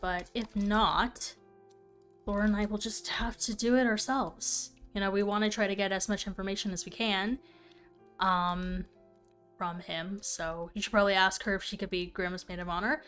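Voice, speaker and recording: A woman's voice: medium pitch, fairly even intonation, moderate pace, a bit bright, soft background music. A young woman casually chatting and thinking aloud while she plays a game on stream. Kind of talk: casual gameplay commentary.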